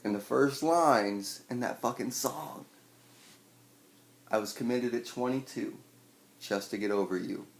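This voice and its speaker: A man's voice: medium pitch, unhurried, vocal fry, pauses often. Wry, swearing young man telling a story. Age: 20s. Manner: swearing, wry, acts out scenes loudly. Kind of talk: personal storytelling, stand-up style. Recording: echoey room with faint noise.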